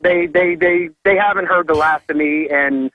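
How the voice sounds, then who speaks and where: Male caller on a tinny phone line. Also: a little high. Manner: earnest, halting, with restarts. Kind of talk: call-in conversation.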